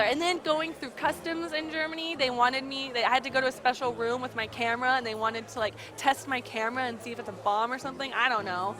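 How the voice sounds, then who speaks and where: A woman in her twenties or so, telling a frustrating travel story to camera in an exasperated, animated way, full of fillers. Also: sits high. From United States. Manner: exasperated, animated retelling with frequent fillers and laughs. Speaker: vlogger. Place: busy gaming convention hall. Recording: loud crowd chatter behind.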